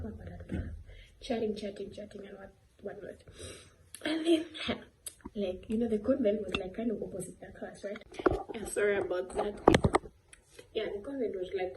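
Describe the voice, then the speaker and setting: A woman's voice: medium pitch, noisy background. A teenage girl vlogging, telling a rambling story full of fillers and giggly asides. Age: late teens. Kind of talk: casual storytelling vlog.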